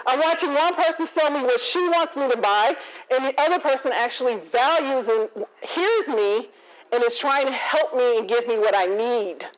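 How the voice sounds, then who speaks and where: Woman confidence coach, keynote storyteller, lively and expressive. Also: high voice, normal speed, poor audio. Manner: animated, acts out dialogue, laughs often. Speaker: motivational speaker and confidence coach.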